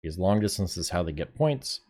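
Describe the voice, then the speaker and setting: A fairly low-voiced young man streaming a game. He talks to his viewers in a relaxed, off-the-cuff way and swears casually. His commentary stays loose and unscripted. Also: fairly quick. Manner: chatty, laid-back, swears casually, talks to chat. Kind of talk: casual live gameplay commentary.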